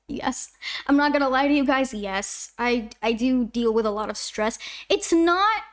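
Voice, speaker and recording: A woman's voice: high voice, animated, unhurried. A twenty-year-old woman from Canada, a YouTube animator, chatting casually on a livestream as she answers chat questions in a rambling way. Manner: chatty, rambling, self-interrupting.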